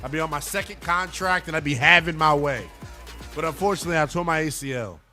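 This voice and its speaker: A man with a high, bright voice hosts a sports talk radio show. He jokes and boasts his way through a lively monologue. Faint music plays under his studio voice. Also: quick pace.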